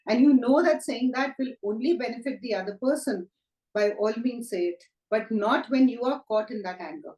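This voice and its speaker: A woman, a Reiki teacher speaking gently and reflectively in a conversational talk, often asking rhetorical questions. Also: on the high side, echoey room, low-quality recording. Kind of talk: conversational talk on self-help.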